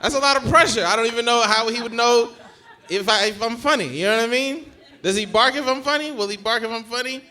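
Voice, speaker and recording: A man's voice: extremely high pitch, fast talker, bright, forceful tone. A young man from Georgia doing live stand-up in a long comedy club room. He works the crowd on a handheld stage mic with loose, profane banter. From Georgia, USA.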